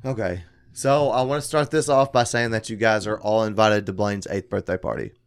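A man chatting casually with friends on a podcast, laughing loudly and often and swearing freely as he tells a family story. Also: fairly low pitch, brisk, clear, resonant tone. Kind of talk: casual chat among friends.

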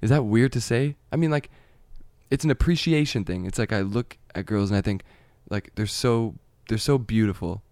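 A man's voice: fairly low pitch, moderate pace, darkish tone, no echo. A man talking in casual, rambling chat, swearing freely and laughing at his own points.

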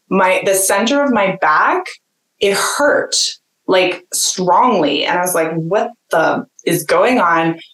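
A woman guest telling a personal story in a casual, chatty way, full of "like" fillers and frequent laughter. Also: mid-range voice. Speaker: podcast guest, jeweler. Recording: roomy echo.

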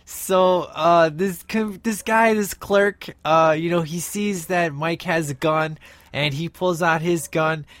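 A man's voice: a little high, steady tone, slow, fairly bright tone, no echo. A man casually recapping his favorite film scenes, enthusiastic and rambling with many fillers. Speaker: film reviewer.

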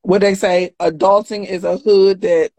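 A woman's voice: medium pitch, fairly even intonation, a little slow, dark tone. A woman chatting casually, blunt and defiant with a joking edge. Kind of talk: casual chat.

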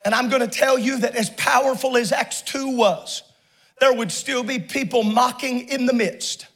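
A man pastor preaching a fiery sermon in a church, often shouting in a rhythmic preaching cadence. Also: very high voice, normal speed. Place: church sanctuary with congregation.

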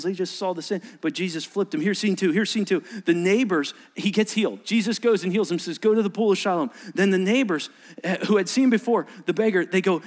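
A middle-aged male pastor preaching a sermon, animated, acting out voices from the story and often repeating himself. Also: high-pitched, a little fast.

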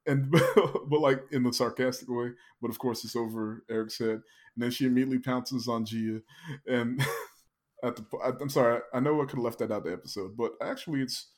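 A man's voice: medium pitch, a little fast. A man hosting a podcast, casually retelling a film's scenes and laughing often. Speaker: podcast host. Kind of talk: casual film recap chat.

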